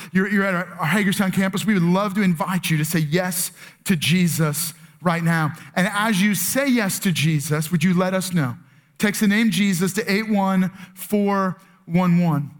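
A man preaching a sermon as pastor, earnest and conversational, with frequent fillers and restarts. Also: high voice. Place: church with multiple campuses and online stream.

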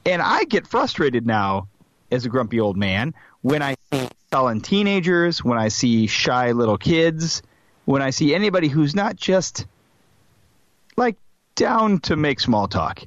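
Middle-aged male co-host, wry and animated, lively pitch, dull dry lo-fi sound. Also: measured pace, dry recording. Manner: playful, wry, builds extended jokey metaphors. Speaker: podcast co-host. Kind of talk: casual chat.

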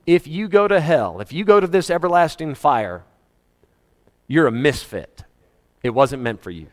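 A man preaching a sermon to his congregation, emphatic and animated, with joking asides. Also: a little high, normal speed. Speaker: pastor. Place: church hall. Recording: reverberant church hall.

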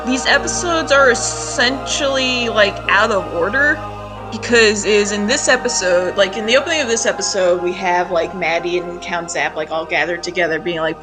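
A woman's voice: mid-range voice, moderate pace, over music. A woman co-hosting a casual recap podcast, chatty and full of fillers, laughing often. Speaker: podcast co-host. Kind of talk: casual anime recap chat.

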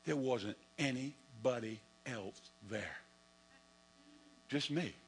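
A male pastor preaching a lively sermon and telling stories from his own life, sometimes acting out his younger self. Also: mid-range voice, takes it slowly, a little hiss or hum, poor audio. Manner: animated storytelling, acts out his own past voice.

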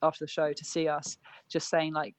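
A woman's voice: sits low, completely flat delivery, fairly quick, no room sound. A woman in her thirties, a punk band musician being interviewed, talking in a chatty way full of fillers and self-corrections. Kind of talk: casual interview chat.

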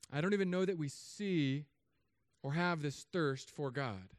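A man in his thirties from Southern California, a pastor giving a humorous sermon with animated storytelling and put-on voices. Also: high-pitched, clear, resonant tone, dry recording, studio quality.

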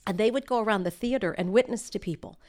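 A woman's voice: medium pitch, fast, a little mellow. A middle-aged woman giving a sermon, telling personal stories in an earnest way and building to emphatic exhortation. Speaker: speaker at a church.

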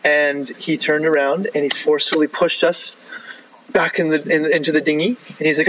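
A man's voice: on the high side, flat delivery, normal speed, a bit bright, slight background noise, rough recording. A man from Canada telling a long travel story in a casual, rambling way, full of "like" and "right?".

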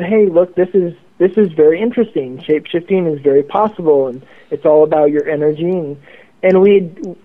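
A man telling a story as a guest over the phone, rambling and repeating words. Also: sits high. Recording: tinny phone line.

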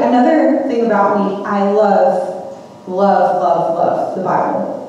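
A woman preaching to students in a casual, chatty way, full of fillers and lively storytelling. Her voice rings with strong echo in a large hall, picked up from a distance. A faint room hum sits underneath. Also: mid-range voice. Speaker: campus ministry speaker. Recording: echoey hall mic from a distance.

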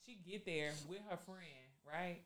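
A woman telling a story in casual group chat, animated, dropping low for quoted asides and bursting out loud and laughing. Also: measured pace.

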